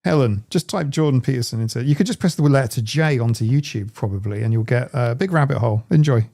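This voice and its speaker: A man's voice: mid-range voice, fast talker, vocal fry, warm tone. A man hosting a live stream, chatting casually in a rambling, digressive way. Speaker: streamer host.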